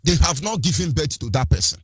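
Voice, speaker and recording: Fiery nigerian guy giving a political speech, higher pitched voice, kinda husky. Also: big pitch swings, fast, dry recording, studio quality, soft background music. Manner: fiery, rhetorical, repeats phrases, switches into Igbo and Pidgin. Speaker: activist speaker. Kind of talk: impassioned political address.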